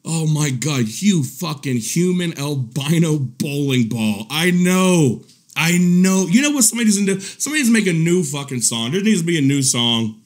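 A man hosts a live commentary stream in a sing-song voice at normal speed, swearing freely and mocking crudely. He cracks himself up with his own jabs, swinging from low mutters to loud, offended outbursts.

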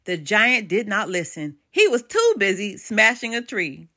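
An older woman reading a children's storybook aloud with expressive, animated storytelling and dramatic pauses. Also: medium pitch.

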